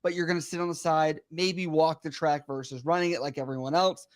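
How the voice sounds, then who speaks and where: A man co-hosts a reaction show and gives measured, practical advice in casual commentary. His voice is a bit high for a man, and his delivery is steady and explanatory. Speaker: co-host.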